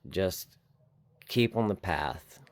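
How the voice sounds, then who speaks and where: A man's voice: low-pitched, animated, no room sound, studio quality. A man giving an earnest, repetitive recovery pep talk outdoors, shivering in the cold. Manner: earnest, slow, repetitive encouragement. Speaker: recovery vlogger. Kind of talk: heartfelt motivational talk to camera.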